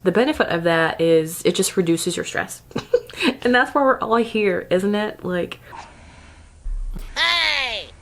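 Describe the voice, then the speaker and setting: A chatty woman vlogger talking straight to camera about self-care, with a slightly low voice. She laughs a lot and drifts into little asides as she goes. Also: animated, moderate pace. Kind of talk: casual advice talk to camera.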